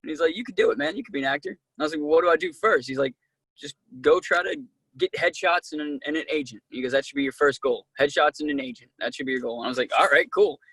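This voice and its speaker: A man being interviewed as an actor, telling casual, animated stories and acting out what people said, with many fillers. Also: on the high side, racing, husky, no room sound. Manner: animated, acts out quoted dialogue, many "like"s. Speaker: actor guest.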